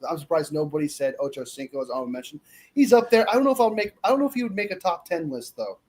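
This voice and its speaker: A man co-hosting a casual sports chat, telling stories quickly and laughing along. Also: fairly high pitch, sing-song, darkish tone. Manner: storytelling, fast, laughs. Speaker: co-host. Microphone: streaming mic.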